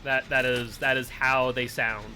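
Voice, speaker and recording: Bright-voiced chatty male streamer. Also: medium pitch, little pitch movement, measured pace, soft background music. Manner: chatty, filler-heavy, talks to chat and friends. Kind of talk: casual live-stream chat while gaming.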